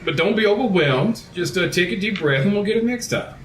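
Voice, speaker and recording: A man's voice: high-pitched, lively intonation, fairly quick, a bit bright. A man playing a tabletop game, speaking in character in a soothing, reassuring way. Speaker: player. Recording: roomy sound with background music.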